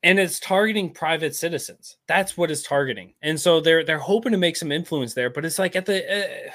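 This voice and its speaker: A man as a podcast guest, talking politics in an animated, rambling way with many restarts. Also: a little high, fairly quick. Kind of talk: casual political talk.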